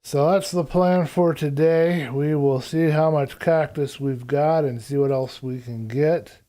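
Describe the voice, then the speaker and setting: A man's voice: on the high side, fairly even intonation, a little slow, warm tone. A man streaming live gameplay, rambling casually as he thinks aloud about what to build next. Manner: thinks aloud while planning.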